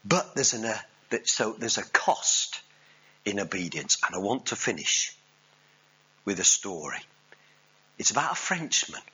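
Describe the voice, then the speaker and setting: A man preaching with lively, swooping intonation and an unhurried delivery. His voice is bright and husky as he tells a story and jokes with the congregation. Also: lowish voice, highs cut off, a little hiss or hum. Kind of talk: sermon.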